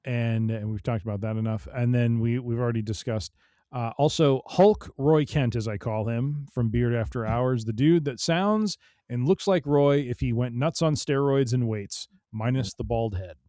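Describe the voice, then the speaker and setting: A man's voice: mid-range voice, moderate pace, warm tone, no echo. Chill guy on a podcast, medium voice, lots of uh and like, dry sounding mic. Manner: easygoing, uses many fillers and agreeing interjections. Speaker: podcast co-host. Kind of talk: casual TV recap chat.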